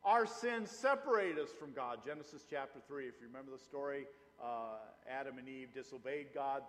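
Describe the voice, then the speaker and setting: A middle-aged man preaching a sermon as pastor, animated and emphatic, slowing down to stress key phrases. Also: mid-range voice. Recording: long hall reverb.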